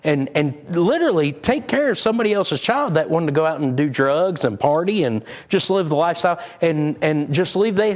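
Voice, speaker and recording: Lively, candid preacher man. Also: fairly high pitch. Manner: candid, conversational, animated. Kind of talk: sermon. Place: church sanctuary.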